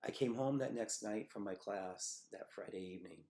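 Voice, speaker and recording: A middle-aged man telling a personal memory in a halting, reflective way, with many pauses and fillers. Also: fairly low pitch, mellow. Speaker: storyteller recounting a personal memory. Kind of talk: personal testimony.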